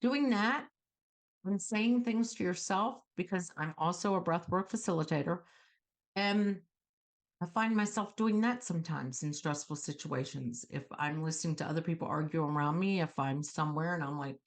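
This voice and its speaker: A middle-aged woman hosting a self-help talk show, coaching viewers in an animated way and acting out calm self-talk. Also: lowish voice, normal speed. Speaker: host.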